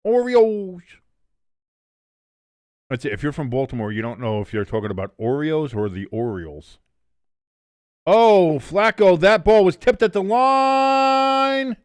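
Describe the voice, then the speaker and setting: In a clean studio recording with no echo and a clean tone, this young watch-along streamer speaks in a high, very animated voice at a measured pace with long pauses. He casually comments on a football game live, reading chat aloud and swearing freely.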